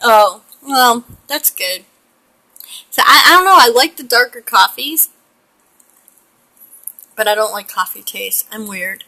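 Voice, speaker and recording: A woman's voice: fairly high pitch, lively intonation, slow pace, long pauses, sharp tone, poor audio. A middle-aged woman from the United States chatting in a rambling way while she paints a pet portrait, often laughing. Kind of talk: casual chat while painting.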